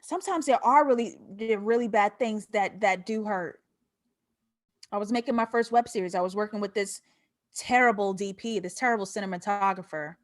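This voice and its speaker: A woman's voice: mid-range voice, brisk. A young woman hosting a live film breakdown, chatting casually and profanely with her viewers and laughing often. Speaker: host of a film breakdown show. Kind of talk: casual live-stream commentary.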